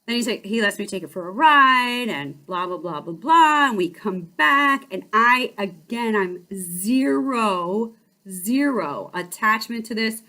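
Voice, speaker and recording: Here a female life-coaching channel host relates a personal anecdote in a fairly high voice. The tone is easygoing and spirited, with frequent quick restarts.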